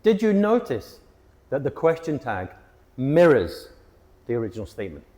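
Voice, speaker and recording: A man teaching an English grammar lesson, with a clear and emphatic delivery. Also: mid-range voice, very animated, normal speed, mellow, in a large hall. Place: hot location.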